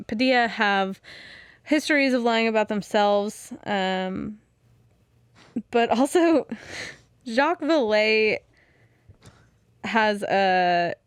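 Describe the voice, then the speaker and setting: A woman's voice: medium pitch, clear, resonant tone, no room sound, clean studio sound. A woman co-hosting a podcast, reading through research notes in a casual way with frequent fillers and restarts, and laughing easily. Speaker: podcast co-host. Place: podcast studio.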